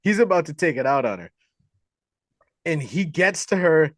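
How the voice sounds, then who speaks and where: A man on a podcast retelling a horror film in a loose, animated way, full of crude jokes and quick character impressions. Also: on the high side, dry recording, clean studio sound. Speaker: podcast co-host. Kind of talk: casual movie recap.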